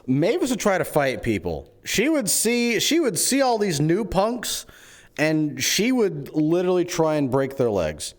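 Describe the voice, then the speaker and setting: A man in an in-character role-play stream, talking in an excitable, scheming way. His pitch moves a lot, and he jumps between jokes and plans. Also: unhurried.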